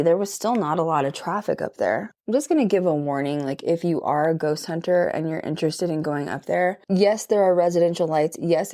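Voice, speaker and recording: Young woman vlogger, slightly low voice, rambling ghost story, lots of "okay?". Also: warm tone. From Colorado. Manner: chatty, emphatic, many "like" and "okay?" asides. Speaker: paranormal vlogger. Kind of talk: casual storytelling while doing makeup.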